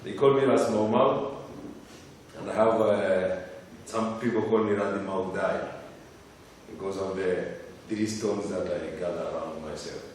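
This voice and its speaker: Man, deep voice, rhythmic impassioned chanting, distant mic, echoing hall. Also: noisy background. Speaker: Rastafari elder reciting a poem. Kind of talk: spoken word poetry and chanting at a gathering. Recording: echoey hall from far off.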